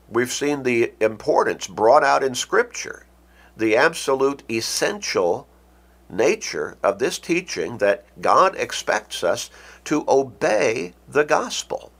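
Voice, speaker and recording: A man preaching a radio sermon, emphatic and deliberate, quoting scripture. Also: mid-range voice, creaky.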